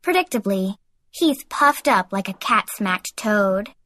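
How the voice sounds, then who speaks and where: A woman narrating a young adult audiobook in the first person, in a lively teen-girl voice. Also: medium pitch, takes it slowly, dry recording, studio quality.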